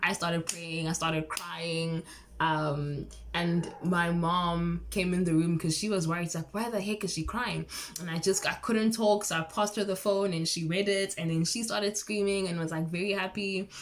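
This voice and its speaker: A woman in her early twenties telling a personal story in a casual vlog, chatty and excitable, full of fillers and quoted dialogue. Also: fairly low pitch, normal speed. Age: early 20s. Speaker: vlogger.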